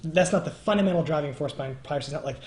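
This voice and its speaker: A man's voice: on the high side, a little mellow. A young man co-hosting a casual livestream chat, arguing his point emphatically. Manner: argumentative, rapid and emphatic. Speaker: co-host. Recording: roomy echo.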